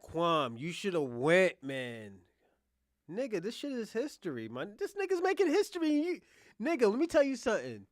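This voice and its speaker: A man in casual, profane chat, teasing a friend with excitable, playful banter. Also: high voice, normal speed, no echo, clean studio sound.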